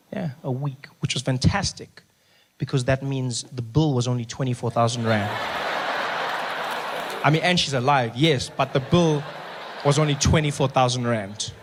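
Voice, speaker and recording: A man with a South African accent doing a stand-up routine on a theater stage, animated and quick to act out other voices. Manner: animated, acts out voices with big pitch jumps. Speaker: stand-up comedian. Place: theater stage before a live audience. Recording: large hall reverb, audience noise.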